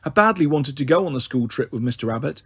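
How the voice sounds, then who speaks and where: A man narrating a children's novel in a steady, measured first-person reading. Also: medium pitch, breathy edge, dry recording, studio quality. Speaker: storyteller. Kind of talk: audiobook narration.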